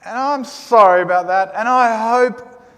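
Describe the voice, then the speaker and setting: A man's voice: high voice, measured pace. An Australian man teaching a Greek class in a chatty, joking way. He wears a mask and keeps asking the class "right?". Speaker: Greek lecturer. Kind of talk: classroom lecture. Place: lecture room. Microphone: wearing a mask. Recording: long echo of a hall.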